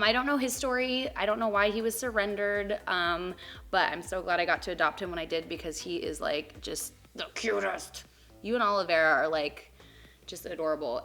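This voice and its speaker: A woman's voice: mid-range voice, sharp tone. Chatty young woman cooing at pets. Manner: chatty, coos and baby-talks to her pets. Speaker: pet vlogger. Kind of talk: casual chat. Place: home, on the couch.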